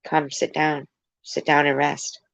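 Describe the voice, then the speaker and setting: A woman voicing a kind old female tree, worn down to a stump, in a gentle storybook reading. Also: low-pitched, level tone, measured pace, vocal fry, dry recording, exaggerated voice.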